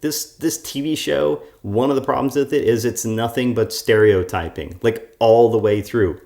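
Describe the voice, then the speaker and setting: A man's voice: fairly low pitch, darkish tone. A man reviewing a show in a critical commentary vlog, ranting in a sarcastic way.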